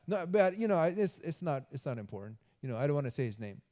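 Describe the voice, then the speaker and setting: A man's voice: on the high side, big pitch swings, fast talker, hardly any pauses, dark tone, long reverb tail. A man giving a conversational sermon at a mosque, acting out gossiping voices with a lot of fillers. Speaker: mosque speaker. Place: mosque hall.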